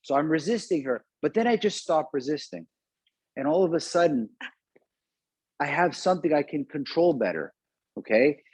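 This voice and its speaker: A man's voice: a little high, lively intonation, normal speed, long pauses, darkish tone, breathy edge, dry recording, poor audio. A man teaching a live online martial arts class, conversational and often checking in with questions. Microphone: video call.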